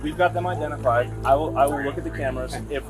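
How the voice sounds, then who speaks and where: A male police officer outdoors, calm and firm, questioning people and laying out the situation, recorded on a body camera. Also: on the high side, fast talker. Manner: calm, firm, matter-of-fact. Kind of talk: questioning and briefing on scene. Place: outdoors by a pool.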